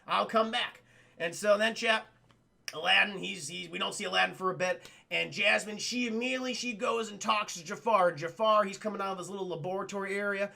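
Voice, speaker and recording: A man's voice: sits high, fast talker, gravelly, bright, forceful tone. A man casually recapping a film for his chat in a loose, profane, rambling way. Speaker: streamer and film reviewer.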